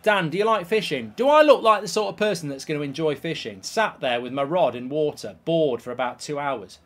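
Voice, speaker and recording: A man commenting live on a football video game, swearing and reacting loudly to each play. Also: a little high, animated, brisk. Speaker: YouTube gaming host.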